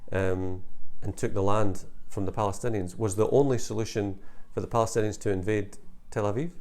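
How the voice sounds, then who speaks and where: A man commenting on debate clips in a casual, halting way with many restarts. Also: on the low side, steady tone, a little mellow. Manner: hesitant, many restarts and fillers.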